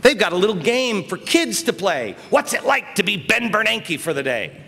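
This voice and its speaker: A man gives an emphatic political speech from a stage. His voice sits high and swings widely in pitch, dropping low and then rising loud. The hall adds a long reverb with faint noise underneath. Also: sing-song, moderate pace, gravelly. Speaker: speaker. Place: conference hall.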